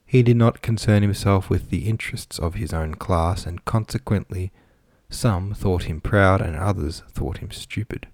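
A man with a deep, low voice narrates a classic novel in a measured, even manner. The recording is dry and close, with no room sound. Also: no echo. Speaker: audiobook narrator.

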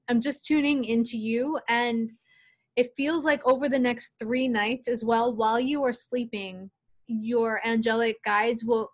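A woman guest, a spiritual channeler, giving gentle, soothing, earnest guidance on a live call. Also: on the high side.

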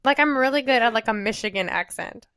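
A woman's voice: on the high side, animated, fast talker, fairly bright tone, dry recording. A young woman co-hosting a podcast, chatting casually with friends and filling her talk with "like". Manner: chatty, uses "like" often. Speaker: podcast co-host.

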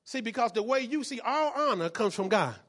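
A man preaching a sermon as pastor, often shouting and repeating phrases, calling out to the congregation for responses. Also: very high-pitched, lively intonation, fairly quick.

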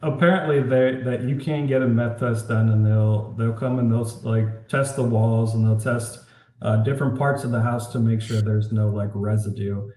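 Animated storytelling man, echoey room. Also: mid-range voice, normal speed. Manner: animated, says "like" often, incredulous. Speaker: author guest. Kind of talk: casual storytelling interview. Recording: roomy echo.

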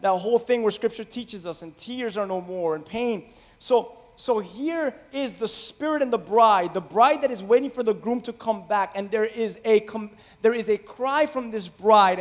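A man preaches with a high, bright-edged voice, moving between loud, yearning calls and hushed, close asides. His words ring out through a church sanctuary with a long reverb trailing behind. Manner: impassioned, swings from loud to quiet. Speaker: pastor. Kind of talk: sermon. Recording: reverberant hall.

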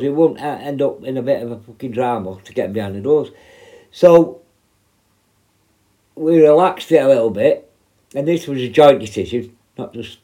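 A man recalls his years as a prison officer in loose, rambling talk, swearing freely as he goes. His voice sits at an ordinary middle pitch with a dark, mellow tone. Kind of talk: casual spoken storytelling.

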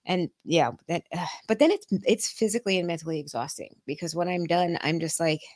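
A woman guest on a podcast, chatting casually in a passionate way, swearing heavily and getting loud. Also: fairly low pitch, brisk, dry recording, studio quality.

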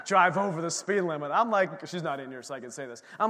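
Animated high-voiced man preaching in a church. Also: brisk. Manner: animated preaching with asides and humor. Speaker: pastor. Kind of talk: sermon. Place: church sanctuary. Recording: long hall reverb from a church room.

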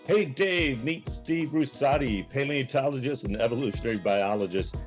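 A man co-hosting a podcast, talking casually and haltingly with many fillers. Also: medium pitch, faint music behind. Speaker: podcast co-host.

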